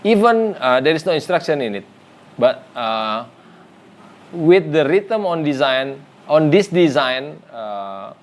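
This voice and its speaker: With a fairly high voice that swings widely in pitch, a man whose first language is Indonesian teaches graphic design in English. His speech is full of pauses, fillers and restarts.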